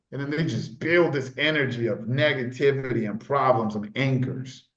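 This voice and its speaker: A man's voice: medium pitch, moderate pace, hardly any pauses, a bit bright. A man speaking as a business mentor guest in a casual interview, emphatic and repetitive, often tossing in "man". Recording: echoey, dull lo-fi sound.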